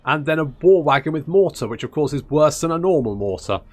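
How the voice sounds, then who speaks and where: A man's voice: fairly high pitch, animated, a little fast. A man commentating a strategy game in casual let's-play style, sarcastic and swearing as he grumbles at the game. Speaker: gaming YouTuber.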